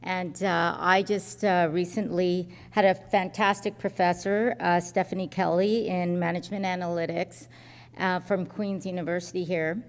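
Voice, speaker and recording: A woman with a fairly low voice introduces the next speaker in an upbeat, playful tone. Long reverb from the conference hall trails her words. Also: fairly even intonation, normal speed. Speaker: session host.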